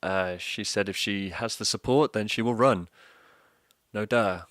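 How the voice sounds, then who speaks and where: Deep, dry-sounding man, sweary deadpan comic ranter. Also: a little slow, dry recording. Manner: sardonic, sweary, deadpan mockery. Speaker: comedic ranter. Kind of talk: scripted comedic political rant.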